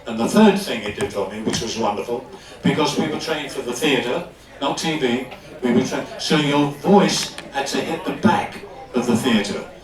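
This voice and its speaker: An older man from London, an actor telling anecdotes on stage with animated delivery and frequent laughs. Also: mid-range voice, moderate pace. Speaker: guest actor. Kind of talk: live stage storytelling. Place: stage in a club hall before an audience. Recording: echoey hall, distant mic.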